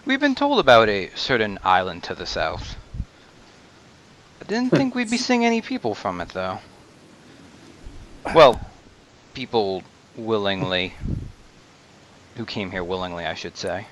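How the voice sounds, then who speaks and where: A man's voice: fairly low pitch, sing-song, unhurried, pauses often, a bit bright, rough recording. A man playing in a tabletop role-playing game, switching between speaking in character and describing his character's actions. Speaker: player. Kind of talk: casual tabletop role-play.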